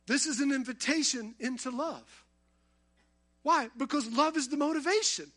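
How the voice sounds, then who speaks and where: A man preaches a sermon in a high, bright, forceful voice. He talks to the congregation conversationally and builds to impassioned emphasis. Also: normal speed.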